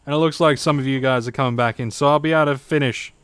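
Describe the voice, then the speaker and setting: During a casual game livestream, a man talks fast in a mid-range voice with fairly even intonation and a clean, slightly bright tone. Recorded on a desk mic at home, he rambles to viewers, full of fillers and swearing.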